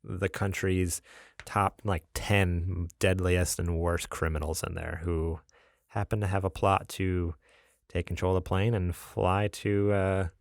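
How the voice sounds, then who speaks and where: A man's voice: low voice, level tone, a little slow, gravelly, no room sound, clean studio sound. A man co-hosting a gaming podcast in casual chat, rambling easily with lots of fillers. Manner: easygoing, rambling with many fillers and laughs. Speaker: podcast co-host.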